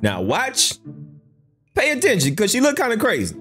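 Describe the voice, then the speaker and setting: A man in talks through a clip in a loose, joking reaction-video style. His pitch swings widely and he breaks into loud yelps and laughter. Faint music sits behind him. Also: wildly swooping pitch, moderate pace. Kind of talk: casual reaction commentary.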